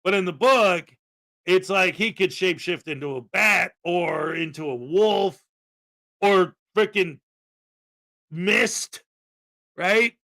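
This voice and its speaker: Excitable high-voiced man hosting a live stream. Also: takes it slowly, pauses often. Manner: excitable, bursts into loud exclamations; chatty and rambling, many fillers. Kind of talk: casual live-stream chat, greeting viewers.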